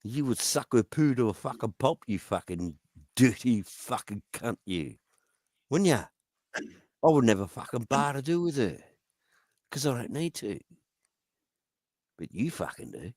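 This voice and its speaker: A man's voice: medium pitch, big pitch swings, measured pace, pauses often, a little mellow, dry recording. A man in a profane, taunting rant, firing goading questions at someone. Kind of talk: angry rant.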